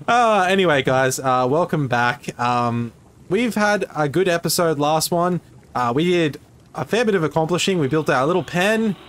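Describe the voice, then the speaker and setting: A man's voice: fairly high pitch, animated, unhurried. An Australian man giving casual, self-mocking commentary as he plays a survival video game for his channel. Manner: chatty and self-mocking, with frequent ums and laughs. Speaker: gaming YouTuber. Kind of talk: casual let's-play commentary.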